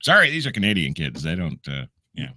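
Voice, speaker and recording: A man's voice: sits low, huge pitch swings, fast talker, sharp tone, dry recording, studio quality. A man co-hosting a radio morning show, ranting and stumbling over repeated words when worked up. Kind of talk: casual talk radio chat. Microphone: studio mic.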